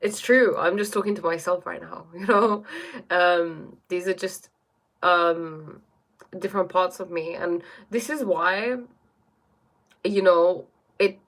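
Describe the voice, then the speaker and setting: A woman hosts a relaxed live stream from her bedroom, talking in a somewhat low voice. She muses reflectively as she reads chat, often checking in with "right?" and "you know?". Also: slow. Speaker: livestream host reading chat.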